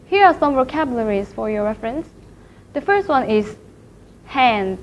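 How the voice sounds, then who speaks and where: A woman teaching a language class in a recorded lecture, speaking slowly and carefully and repeating each syllable to demonstrate it. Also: on the high side, big pitch swings. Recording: dull lo-fi recording with faint noise.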